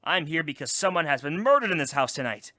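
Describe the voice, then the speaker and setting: A man's voice: on the high side, very animated, quick pace, sharp tone, dry recording. A young man playing a blunt, impatient detective in a student sketch comedy. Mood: stern. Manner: curt, snapping.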